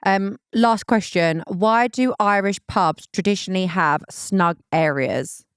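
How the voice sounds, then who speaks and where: A woman's voice: mid-range voice, unhurried, clean tone, no echo, studio quality. A young woman co-hosting a podcast, quizzing her co-host in casual chat with a blunt, teasing manner.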